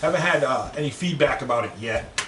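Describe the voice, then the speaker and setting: A man's voice: mid-range voice, lively intonation, brisk, distant mic. A man co-hosting a podcast in casual chat, rambling, swearing often and laughing mid-sentence. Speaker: podcast co-host. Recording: roomy echo, from the mic, faint noise.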